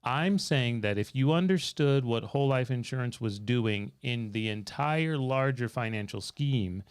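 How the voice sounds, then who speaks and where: A man's voice: mid-range voice, animated, unhurried, smooth. Storytelling male finance show host. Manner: storytelling, reads out viewer comments, quizzes his co-host. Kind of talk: livestream talk with chat interaction. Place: studio.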